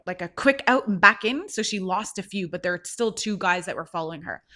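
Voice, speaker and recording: Chatty woman podcast host telling a story. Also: mid-range voice. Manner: animated retelling, heavy "like" fillers. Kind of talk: casual storytelling chat.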